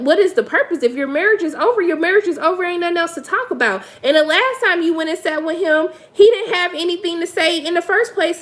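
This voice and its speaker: A woman giving sassy, blunt, casual live commentary on a reality show, talking straight to her viewers with features. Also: sits high.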